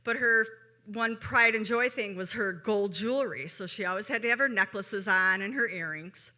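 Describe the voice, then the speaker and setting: A woman from Chicago telling a story at a live show, chatty and conversational, turning to the audience with quick asides. Her tone is very bright and sharp, with a middle-range pitch. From Chicago, USA.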